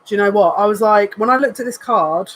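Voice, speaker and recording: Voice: mid-range voice, a little fast, poor audio. A psychic reader giving a live tarot card reading in an earnest, emotional way, repeating phrases and thinking aloud as they turn the cards. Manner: emotional, says they are near tears.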